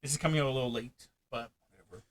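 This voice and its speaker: A man hosting a casual let's-play chat about a strategy game, hyper, loud and fast-talking. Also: mid-range voice, steady tone, rough recording. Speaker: gaming channel host. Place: hot room at home.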